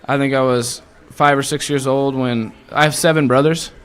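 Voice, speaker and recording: A man's voice: medium pitch, normal speed, clear, resonant tone. A young man from Iowa, a guest musician, telling casual stories in an interview and acting out the voices of the people in them. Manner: animated storyteller who acts out quoted voices.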